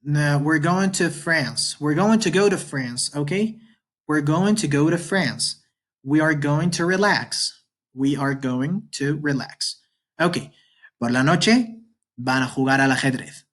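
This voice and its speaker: Slow, patient male Spanish teacher. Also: a little high, fairly bright tone. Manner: patient, repeats each phrase slowly with frequent "uh" pauses. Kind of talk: online language lesson explaining slides.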